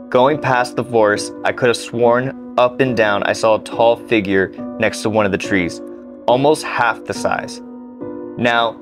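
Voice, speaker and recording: A young man telling a spooky personal story in a casual podcast chat, stumbling and restarting as he goes. His pitch sits in an ordinary middle range, and he jumps up high when he insists he is serious. Music plays clearly behind him. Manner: halting storytelling with restarts, then excitable protests. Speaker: podcast co-host.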